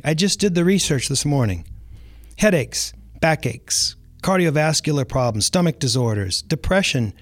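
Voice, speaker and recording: A middle-aged man hosting a podcast, delivering a lively scripted monologue full of rhetorical questions to the listener. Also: on the high side, no echo, studio quality. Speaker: podcast host.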